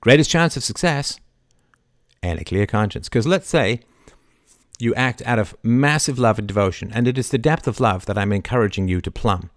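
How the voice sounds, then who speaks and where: A middle-aged man with a low-pitched voice delivers an impassioned monologue as host of his own show. He veers between quiet, confiding asides and loud, emphatic bursts. The recording is dry and close, with no room echo. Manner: passionate, swings from soft to loud emphatic outbursts. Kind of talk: impassioned live-stream monologue.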